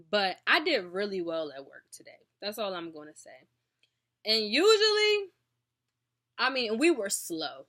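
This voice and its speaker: A young woman speaks straight to her viewers in a chatty, earnest video diary, often calling them y'all. Her voice has a bright edge, yet she sounds tired and sleepy. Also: mid-range voice. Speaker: vlogger.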